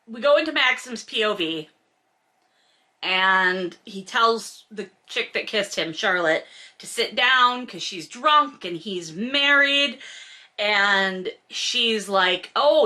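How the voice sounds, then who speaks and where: A woman's voice: medium pitch, lively intonation, takes it slowly, pushed and bright. A woman in her forties reading a novel aloud and mocking it with sarcastic, exasperated asides. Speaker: host reading and commenting on a novel. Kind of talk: comedic book commentary.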